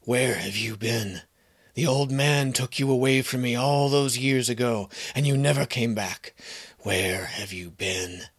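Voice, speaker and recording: A man voicing an old, mistreated male horse who speaks slowly in a hushed, whispering voice. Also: medium pitch, husky, no room sound, studio quality. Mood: mournful. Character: old abused male horse, wild, grieving.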